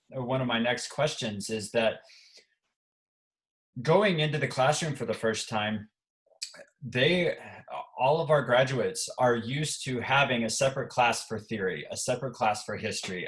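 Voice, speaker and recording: A man's voice: medium pitch, a bit bright, low-quality recording. A man co-hosting a podcast, thoughtfully building up long interview questions. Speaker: podcast co-host.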